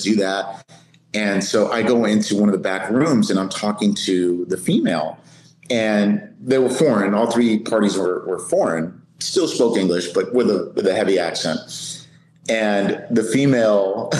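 A middle-aged man, a police sergeant, telling a lively story as a podcast guest, often laughing. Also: on the low side, reverberant, rough recording. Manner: lively, laughing anecdote teller. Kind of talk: animated storytelling.

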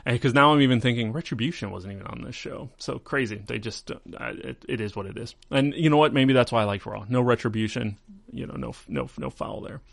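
A man in a casual podcast chat, rambling through a wrestling recap in a middle-pitched voice. He slips into mocking put-on voices when quoting people. The sound is dry and close, with no room around it. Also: expressive, brisk, gravelly, no echo. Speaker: podcast host.

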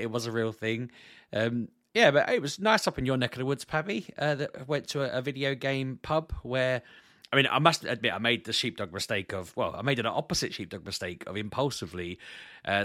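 A man's voice: fairly low pitch, pushed and bright, dry recording, clean studio sound. A man co-hosting a podcast, chatting casually and telling rambling stories with restarts and laughs. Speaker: podcast co-host. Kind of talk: casual chat.

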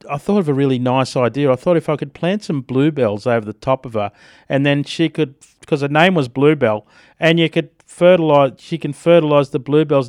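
Australian man, breakfast radio host, jokey storyteller, fairly high voice, dry studio sound. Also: clean tone, dry recording. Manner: animated, laughs often, jokey. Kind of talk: casual radio chat and storytelling.

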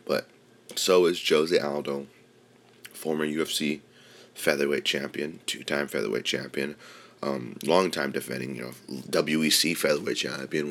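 Brief: man, very low gravelly voice, casual rambling host, swears a lot. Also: a bit bright. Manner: rambling, filler-heavy and swears freely. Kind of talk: casual opinion talk on mixed martial arts.

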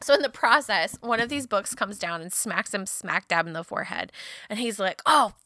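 A woman's voice: mid-range voice, animated, moderate pace, sharp tone, no room sound, studio quality. A young woman co-hosting a casual chat, telling a story and laughing often as she talks.

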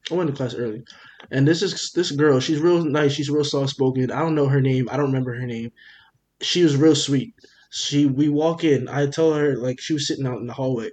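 A young man, a podcast co-host, telling a story in casual chat, animated and profane, acting out what everyone said. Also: medium pitch. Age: young adult. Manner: animated, profane, rapid retelling with quoted dialogue.

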